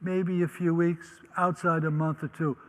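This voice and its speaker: A man's voice: a little high, flat delivery, measured pace. Older man telling his story in a hall. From Netherlands. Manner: vivid storyteller who acts out quoted voices. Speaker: Holocaust survivor speaker. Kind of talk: personal storytelling talk.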